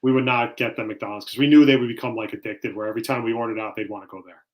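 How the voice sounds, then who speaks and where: A man chats on a casual podcast. He tells stories in an animated way and acts out what people said. His voice sits at an ordinary middle pitch. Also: racing. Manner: animated storytelling, acts out quoted lines. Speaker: podcast co-host. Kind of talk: casual chat.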